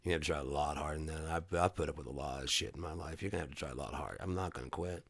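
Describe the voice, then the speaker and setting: A man's voice: a bass voice, very fast, creaky, fairly bright tone, breathy edge, no echo, clean studio sound. A man talking in a rambling, profane, casual monologue, telling stories from his own life. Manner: profane, storytelling, jumps between topics. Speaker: vlogger.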